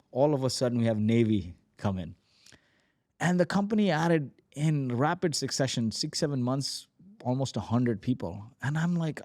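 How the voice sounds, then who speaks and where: A man in his forties tells his founder's story as a podcast guest, lively and animated, acting out the dialogue. His voice is mellow and dark in tone. The sound is dry and close. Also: mid-range voice, dry recording. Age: 40s. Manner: animated, acts out quoted dialogue. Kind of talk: energetic storytelling.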